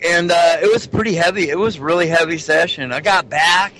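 A man guest in casual chat who has a lisp on his S and TH sounds because he speaks without teeth, excitable, calling people "baby". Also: a little high, a little fast, low-quality recording. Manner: excitable, calls others "baby".

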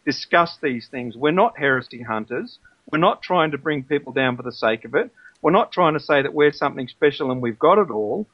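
A male radio show host in an interview, talking in an earnest, measured, reasoning way and reading scripture aloud. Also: medium pitch. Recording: dull lo-fi radio audio.

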